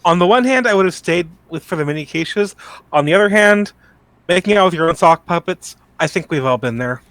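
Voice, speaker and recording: A man's voice: high-pitched, lively intonation, a bit bright, no echo. Joking man with a dry close sound. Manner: joking, halting, swears casually. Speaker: podcast co-host. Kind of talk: casual chat.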